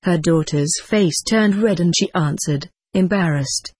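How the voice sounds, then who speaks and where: A woman narrating a sentimental story in a measured, gentle audiobook style. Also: on the low side, slightly rough, no room sound.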